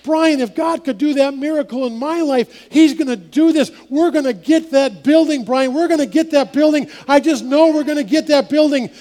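A man voicing a blunt, loud New York factory worker with a New York accent. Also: very high voice, moderate pace, hardly any pauses, pitched above the performer's own voice. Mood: elated.

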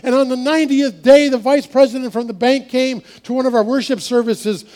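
Male pastor, anecdotal sermon delivery, high but warm voice. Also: fairly even intonation, brisk. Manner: anecdotal, chuckling, repeats words. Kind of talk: storytelling sermon.

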